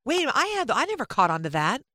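A woman's voice: on the high side, wildly swooping pitch, rapid-fire, bright, forceful tone. A woman guest on a podcast, telling an anecdote casually and with a lot of swearing. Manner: chatty, profane anecdote teller.

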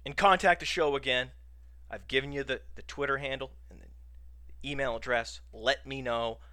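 A man's voice: mid-range voice, moderate pace, bright, forceful tone, no room sound. A man hosting a podcast on his own, talking casually and playfully indignant. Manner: playfully indignant, mock-outraged. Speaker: podcast host. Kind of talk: casual solo podcast talk.

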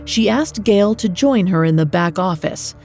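Mellow-voiced woman narrating true crime. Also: medium pitch, animated, measured pace, soft background music. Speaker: podcast narrator.

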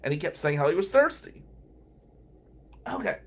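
A man's voice: a little high, racing. A man telling courthouse stories as a regular on a radio talk show, acting out the people he quotes. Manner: animated anecdotal storyteller, acts out quotes.

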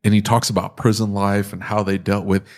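A man's voice: lowish voice, flat delivery, fairly quick, a little mellow. A man with a northern US accent hosting a casual talk show, joking and cutting in often. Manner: joking, talkative, often cuts in. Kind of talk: casual chat.

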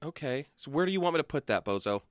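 A man's voice: on the high side, lively intonation, quick pace, no echo, studio quality. A man co-hosting a comedy podcast, chatting casually with a jokey, profane manner and frequent laughter. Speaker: podcast co-host.

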